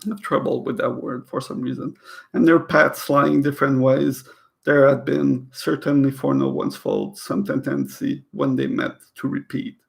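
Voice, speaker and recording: Very gravelly man reading aloud. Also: mid-range voice, level tone. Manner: halting, stumbles and rereads words; breaks off into chatty personal comments. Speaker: reader of a novel. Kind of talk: casual read-aloud with asides.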